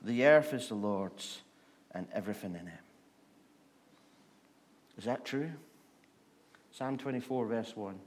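A man preaching a sermon, repeating rhetorical questions and slowing down to stress words. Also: medium pitch, animated, darkish tone.

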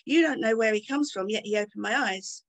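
A woman's voice: a little high, brisk, close to an everyday voice. A woman reading aloud as a formerly blind man who answers boldly and with emphasis. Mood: defiant.

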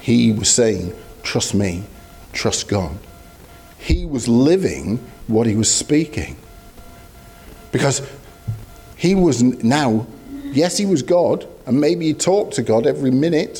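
A man's voice: medium pitch, mellow. A man preaching a sermon in a conversational, storytelling way with asides to the congregation.

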